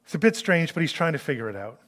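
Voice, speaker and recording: A man preaching a sermon in an animated way, acting out the voices he quotes. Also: fairly high pitch, fast, in a large hall.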